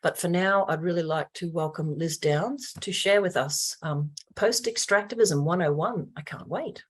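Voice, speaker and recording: An Australian woman with a low voice opens an online webinar as host. She speaks earnestly and formally, with plenty of ums and uhs along the way, heard over a video call. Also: moderate pace.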